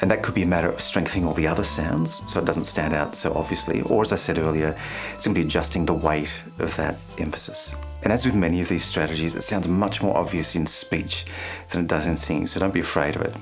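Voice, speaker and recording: A man hosting a singing lesson, speaking clearly and playfully and singing short phrases to show the point. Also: deep voice, fairly even intonation, fast talker, music in the background. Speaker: vocal coach and channel host.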